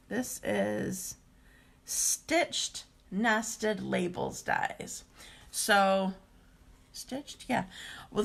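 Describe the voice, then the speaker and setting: A woman's voice: medium pitch, creaky, fairly bright tone. A woman hosting a live craft demonstration stream, with a scratchy voice, chatting casually and rambling with many filler ums.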